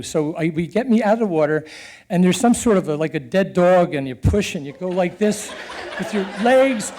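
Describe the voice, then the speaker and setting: Middle-aged man, earnest storyteller; high pitch, warm mellow tone, animated. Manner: earnest and animated, with chuckles and halting restarts. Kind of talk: personal storytelling.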